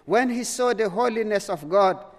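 A man's voice: sits high, expressive, moderate pace, big-room sound. A man preaching a sermon, earnest, often repeating words and restarting his sentences.

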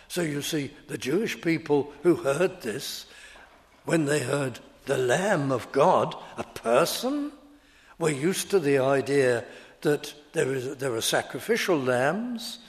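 A man preaching an expository sermon, deliberate and emphatic, leaning hard on key words. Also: medium pitch, animated. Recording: long reverb of a large hall.

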